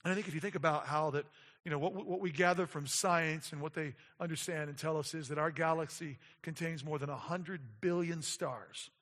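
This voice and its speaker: A man preaching a sermon as a pastor, moving from quiet explanation to emphatic declarations. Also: on the high side, steady tone, brisk, in a large hall.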